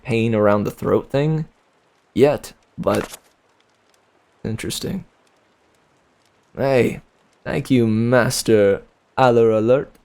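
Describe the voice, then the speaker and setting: A young man in his twenties chats with his livestream viewers between chapters. He talks slowly and rambles, with slangy asides and frequent laughs. His voice carries a gravelly, creaky texture. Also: mid-range voice. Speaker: livestream book reader. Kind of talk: casual chat with viewers.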